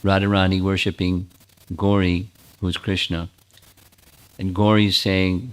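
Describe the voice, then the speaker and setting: Man, spiritual teacher, deep voice, sermon storytelling, animated. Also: measured pace, clear, resonant tone. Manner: animated storyteller, frequent restarts.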